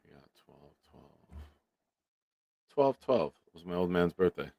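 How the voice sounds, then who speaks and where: Low-voiced, profane livestream host. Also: male voice, animated, slow, a little mellow, no room sound, clean studio sound. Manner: loose and profane, laughs easily. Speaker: livestream sports show host. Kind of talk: casual live-stream chat, reading viewer comments.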